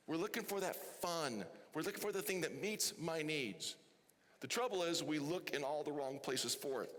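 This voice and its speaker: A pastor preaches a sermon in a church hall, chatty and frequently putting questions to the congregation. His high-pitched voice is fairly bright, trailed by a long reverb.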